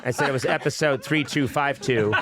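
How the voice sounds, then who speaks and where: A man hosting a comedy podcast, riffing in mock exasperation and breaking into goofy high noises. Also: a little fast, heavy background noise. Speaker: podcast host. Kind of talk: comedic casual chat. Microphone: studio podcast microphone, close.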